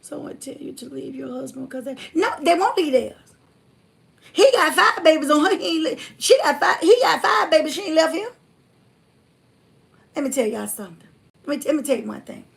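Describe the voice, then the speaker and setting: Fiery gravelly high-voiced woman. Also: very animated, normal speed, long pauses. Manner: blunt, fiery, down-home talk, swings from loud to hushed. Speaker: livestream host reading viewer comments. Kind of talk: casual preachy livestream talk.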